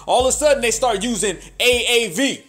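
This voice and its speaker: A man's voice: extremely high pitch, fairly quick, fairly bright tone. A man giving heated, mocking, profane political commentary.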